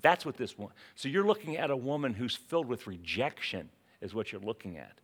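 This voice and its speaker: A man's voice: mid-range voice, big pitch swings, brisk, breathy edge. A man preaching a sermon in a conversational way, telling a personal story, with frequent restarts. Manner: conversational, anecdotal with many restarts.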